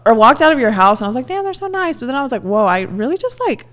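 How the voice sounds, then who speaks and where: A woman's voice: fairly high pitch, lively intonation, racing. Candid, swearing woman podcast co-host. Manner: open, laughing, swears freely. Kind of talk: candid casual chat.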